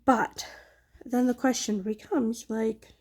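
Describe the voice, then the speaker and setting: A woman's voice: fairly high pitch, steady tone, slow, darkish tone. A woman crafting on her own channel, chatting casually in a rambling, candid and self-deprecating way. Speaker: craft vlogger and mother. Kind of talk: casual chat while crafting.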